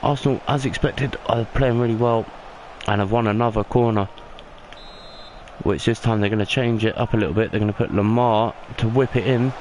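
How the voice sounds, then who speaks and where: A young man commentates on his own video game football match, in a lowish voice that climbs with excitement at the big moments. His casual play-by-play comes through a home recording with plain background noise. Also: normal speed, poor audio. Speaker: gaming YouTuber. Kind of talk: mock football commentary over gameplay.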